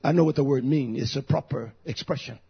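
A man in his fifties preaching a fiery sermon, breaking into shouts. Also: medium pitch, a little fast, creaky, husky. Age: 50s. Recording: dull lo-fi recording.

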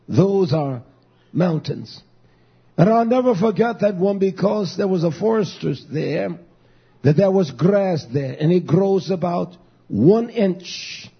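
A man's voice: high-pitched, vocal fry, husky, highs cut off. A man preaching a sermon, exhorting and calling out to the congregation.

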